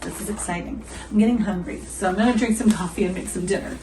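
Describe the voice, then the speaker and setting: A woman's voice: medium pitch, quick pace, background noise. A woman hosting a casual coffee-review vlog at home. She chats and giggles, quizzes her viewers, and makes asides to her dog.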